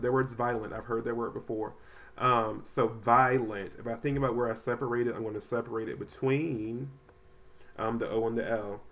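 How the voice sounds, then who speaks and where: A man teaching a third grade reading lesson to children at home, talking casually with many ums and slowly sounding out words. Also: fairly low pitch. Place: home, voice only over the packet pages. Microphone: close mic, not seen.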